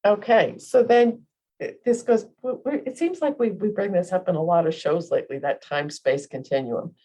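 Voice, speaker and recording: Low, mellow-voiced woman chatting. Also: normal speed. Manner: rambling, restarts, searches for words. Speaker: podcast co-host, medium. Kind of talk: casual spiritual chat.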